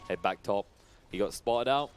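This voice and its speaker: A man calling an esports match play-by-play, rattling off the action and climbing louder as fights break out. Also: lowish voice, faint music behind. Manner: rapid play-by-play that climbs loud during fights. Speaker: esports commentator. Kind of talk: play-by-play commentary.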